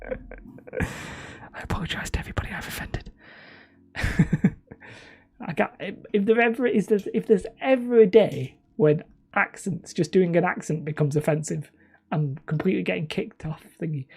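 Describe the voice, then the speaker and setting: A woman's voice: lowish voice, animated, unhurried, gravelly, long pauses, mellow, slightly rough. A woman hosting a live stream, chatty and self-mocking, wandering off topic and sounding tired. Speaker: channel host streaming. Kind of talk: rambling live-stream chat.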